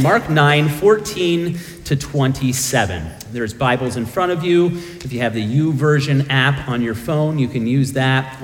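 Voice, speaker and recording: A man's voice: medium pitch, in a large hall. A middle-aged man preaching a sermon as pastor, telling self-deprecating stories with humor.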